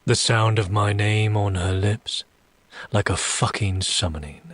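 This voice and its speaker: Husky low-voiced man reading a romance audiobook. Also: steady tone, a little slow, a bit bright, dry recording. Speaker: audiobook narrator.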